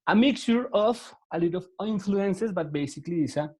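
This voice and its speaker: A man's voice: sits high, animated, fairly quick, a little mellow, husky. Man, spanish accent, english teacher, online class, patient and repetitive, video call. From Latin America. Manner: patient, repeats words, gives step-by-step instructions.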